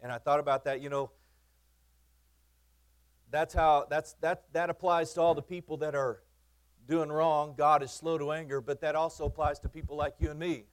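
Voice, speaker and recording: A man's voice: fairly high pitch, fairly even intonation, moderate pace, clean tone. A man preaching a sermon in a conversational, emphatic way, often repeating and restarting phrases, with teasing asides to his congregation. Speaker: pastor.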